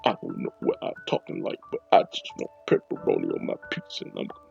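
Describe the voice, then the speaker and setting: A man voicing a moody young male game character who talks in one flat, unchanging tone. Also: fast, dull audio, soft background music, natural voice. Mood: low breathy monotone.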